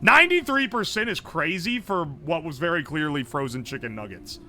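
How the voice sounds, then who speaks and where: A male streamer thinking aloud over a food guessing game, excitable and profane. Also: fairly high pitch, moderate pace, soft background music. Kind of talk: casual game commentary.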